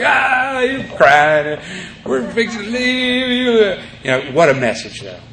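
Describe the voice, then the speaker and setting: Echoey room tape with faint hiss holds a man addressing a recovery meeting, his mid-range voice fairly bright in tone. He rambles as he tells his story, peppering it with "you know."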